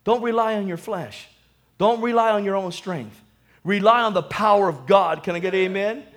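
A male pastor preaching a sermon, animated, calling for amen and swinging between loud and hushed. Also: high-pitched, moderate pace, faint music behind.

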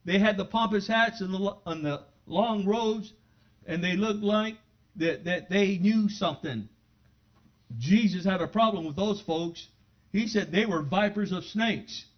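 A man preaching a sermon in a church, talking conversationally to his congregation and building to loud, fervent exclamations. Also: high-pitched, a little slow. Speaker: pastor. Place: church sanctuary. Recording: dull lo-fi sermon recording.

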